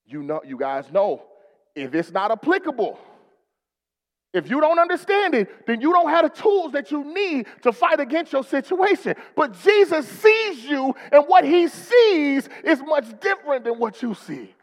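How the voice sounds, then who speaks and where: Preacher, male, rousing sermon with call-and-response, high and lively voice, long church reverb. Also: measured pace. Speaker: pastor.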